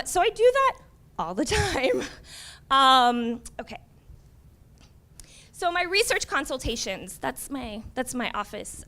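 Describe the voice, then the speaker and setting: Woman librarian, high voice, casual presenter at a conference, chatty, checks in with the audience a lot. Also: a bit bright. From United States. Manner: conversational, frequent "um" and "right?" tags.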